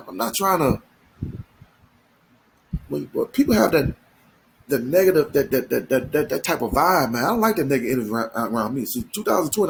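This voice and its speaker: A man's voice: on the high side, vocal fry, a little hiss or hum, poor audio. A man giving an emphatic, slangy commentary monologue, full of repeats and restarts. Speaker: commentary channel host.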